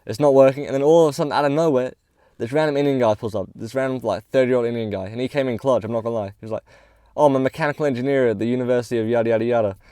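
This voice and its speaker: Young male vlogger, casual storytime, slangy and swearing, mid pitch, dry close sound. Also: rapid-fire, mellow, clear, resonant tone, no room sound. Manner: slangy, swears often, acts out quoted dialogue.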